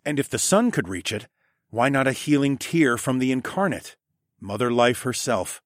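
A man narrating a first-person fantasy audiobook in an expressive way, hushing for dialogue tags. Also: medium pitch, normal speed, dry recording, clean studio sound. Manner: expressive, drops to a hush for tags.

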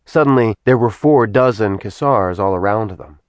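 A man reading a fantasy novel aloud in an even, measured narration. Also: on the low side, no room sound. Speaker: audiobook narrator. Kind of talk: scripted narration.

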